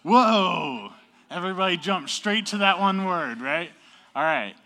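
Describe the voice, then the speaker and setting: Bright-voiced casual young male teacher. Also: sits high, lively intonation, measured pace. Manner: casual, upbeat, keeps checking in with "okay?". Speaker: youth teacher. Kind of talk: classroom teaching.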